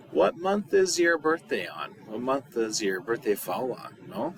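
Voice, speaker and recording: A man teaching a recorded video lesson as a high school Spanish teacher, patient and repeating words slowly. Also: very animated, a little hiss or hum.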